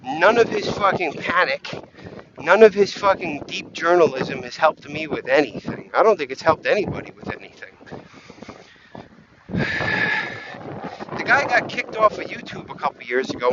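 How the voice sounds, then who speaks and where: A man's voice: a little high, dull audio, noisy background. A man rambling and swearing as he walks outdoors, easily sidetracked and scattered. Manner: profane, scattered, easily distracted. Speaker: vlogger. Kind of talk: rambling walk-and-talk rant. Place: outdoors on a windy walk.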